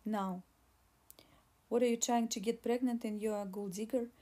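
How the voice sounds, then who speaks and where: Give me a woman reading as a desperate, screaming male attorney in an audiobook, with a husky tone. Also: a little high, steady tone, moderate pace, close to an everyday voice. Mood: angry. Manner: loud, insulting, desperate.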